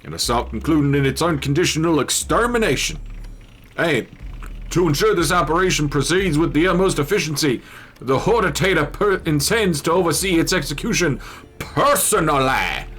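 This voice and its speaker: A man's voice: a little high, lively intonation, normal speed, fairly bright tone, a little hiss or hum, voice pushed up. A man voicing a pompous male tree-cult preacher with a put-on Southern US accent, reading game text in a grandiose sermon style. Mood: solemn, grandiose.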